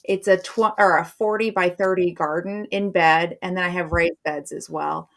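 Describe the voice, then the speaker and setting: A woman's voice: on the low side, fairly even intonation, normal speed, gravelly. A middle-aged woman hosting a live stream, chatting casually and rambling in a friendly way.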